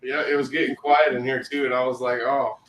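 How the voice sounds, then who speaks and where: A man's voice: medium pitch, level tone, fairly quick. An older man hosting a livestream, chatting casually and telling rambling stories. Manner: easygoing, rambling storyteller. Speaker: livestream host. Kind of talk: casual chat. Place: workshop. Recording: roomy echo, distant from mic, faint noise.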